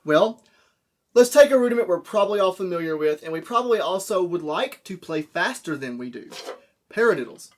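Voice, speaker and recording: A man's voice: high-pitched, lively intonation, normal speed, slight background noise. Man teaching drum strokes with faint drum sounds. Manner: explains step by step, asks checking questions like "okay?". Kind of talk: classroom lesson. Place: room with a drum. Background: drum hits.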